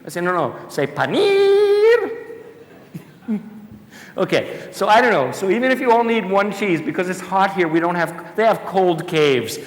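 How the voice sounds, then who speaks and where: Brief: a man as a keynote speaker, slightly high voice, playful and chatty with the crowd, echoing hall with long reverb. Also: fairly quick, hardly any pauses. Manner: animated, jokey, talks to the audience. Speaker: conference speaker. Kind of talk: conference keynote talk. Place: large conference hall.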